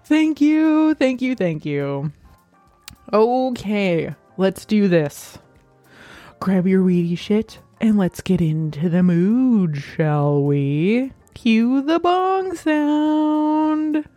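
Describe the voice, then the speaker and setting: A woman hosting her own podcast in casual chat, excitable and scattered, swearing freely as she talks. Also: fairly low pitch, very slow, no room sound, faint music behind. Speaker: podcast host.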